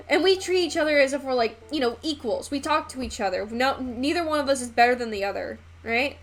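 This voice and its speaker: A woman's voice: high voice, lively intonation, normal speed. A young woman streaming while she paints, chatting in a rambling way with lots of fillers and the odd swear word. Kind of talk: casual chat while painting on a live stream.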